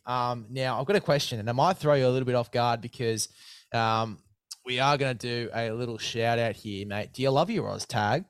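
A man's voice: medium pitch, normal speed, smooth, no room sound, studio quality. A man hosting a casual sports chat, matey and full of fillers. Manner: chatty, matey, heavy on fillers. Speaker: podcast host.

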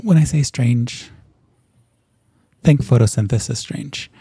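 A man playing a gentle, reassuring mother. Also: mid-range voice, slow pace, creaky, slightly rough, no echo, exaggerated voice.

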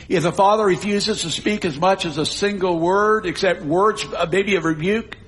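A male pastor preaching a sermon, swinging from loud stresses to hushed drops. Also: high voice, breathy edge.

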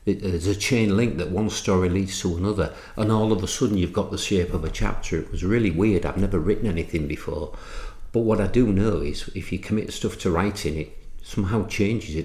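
A middle-aged man from England, an entrepreneur and author, telling anecdotes in a podcast interview, halting with restarts and fillers. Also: deep voice, darkish tone, roomy sound.

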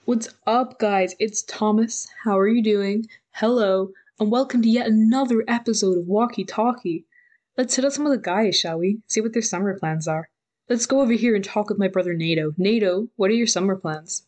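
A woman's voice: mid-range voice, normal speed, darkish tone, natural voice. A woman voicing an upbeat young male hockey player hosting his own vlog with bouncy patter. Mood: cheery. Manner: chirpy, bouncy vlogger patter.

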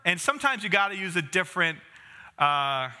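Thirties male pastor, chatty sermon delivery, bright and slightly high voice, self-deprecating humor. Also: very animated, a little fast, slight background noise. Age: 30s. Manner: conversational, self-deprecating humor with asides to the congregation.

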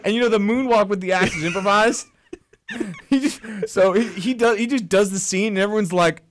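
A man co-hosting a casual film podcast, rambling with lots of restarts and addressing listeners as ladies and gentlemen. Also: high voice, moderate pace. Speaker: podcast co-host.

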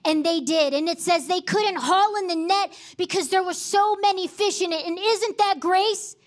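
A woman's voice: extremely high pitch, normal speed. A woman pastor preaching a sermon, emphatic and repeating key phrases for effect.

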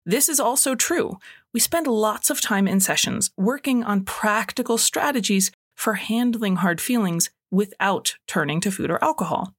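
A woman in her thirties hosts a scripted solo podcast and talks the listener through clear practical steps. Her pitch moves a great deal from phrase to phrase. The recording is dry and close to the mic. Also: moderate pace, dry recording. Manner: clear, instructive, animated with acted asides. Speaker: podcast host, coach on binge eating.

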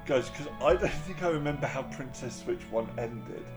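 A man's voice: mid-range voice, normal speed, loud music behind the voice. A man chatting casually while watching a film, laughing often and jumping in with questions. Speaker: co-host of a watch-along chat. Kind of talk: casual chat over a film. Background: film soundtrack playing.

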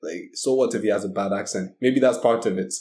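A man chatting casually as a podcast guest, relaxed and hesitant, with many fillers. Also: lowish voice, a little fast. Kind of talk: casual chat.

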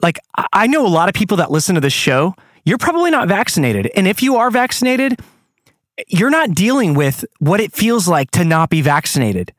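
A man's voice: high voice, a little fast, no echo, studio quality. A man hosting his own show, ranting angrily with plenty of swearing. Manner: angry, profane, animated. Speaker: podcast host. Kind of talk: ranting monologue.

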